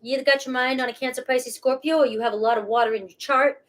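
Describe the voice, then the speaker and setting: A woman's voice: high-pitched, steady tone, fast. A woman with a Boston accent, reading tarot cards live in a casual, chatty way and swearing freely. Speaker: tarot reader.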